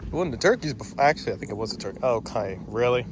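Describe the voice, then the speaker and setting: In this casual walking vlog, a man strolls an outdoor farm or petting zoo holding his camera, joking with the animals as he talks. His medium-pitched voice is expressive and rapid-fire, and the background is noisy.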